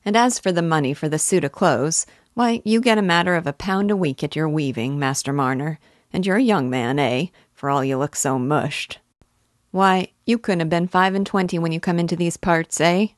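A long-winded old parish clerk holds forth in rustic dialect, meandering from point to point, put on by a woman. The voice sits low and close, with a dry, dead sound. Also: moderate pace, no echo, close to an everyday voice. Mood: advising. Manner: rambling, folksy rural dialect.

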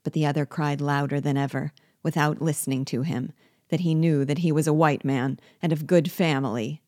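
Woman narrator, low voice, measured and expressive, close dry recording. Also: no room sound. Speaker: reader and teacher. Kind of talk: reading a classic novel aloud.

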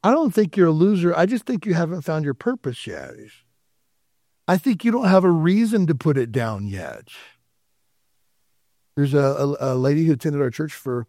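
With a slightly high, mellow, sing-song voice at normal speed, a male pastor delivers a sermon in a church sanctuary. He speaks conversationally to the congregation, adding asides and quoted dialogue, and the audio is dry with clean studio sound.

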